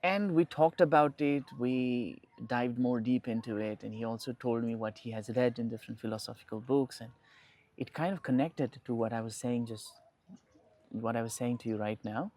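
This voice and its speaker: A man's voice: mid-range voice, normal speed, darkish tone. A young man, a podcast guest, talking reflectively in casual conversation and often restarting his phrases.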